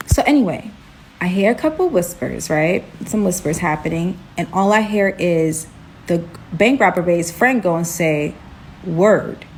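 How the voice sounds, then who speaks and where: A young woman from Brooklyn tells a storytime vlog. She is animated and chatty, dropping "like" and "right?" all through it. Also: fairly low pitch, moderate pace, a little hiss or hum. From Brooklyn, New York.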